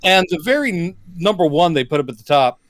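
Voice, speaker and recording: Movie podcast co-host guy, a bit high voice, sarcastic and teasing, dead dry sound. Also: sing-song, a little fast, a bit bright, dry recording. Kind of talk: casual movie-review chat.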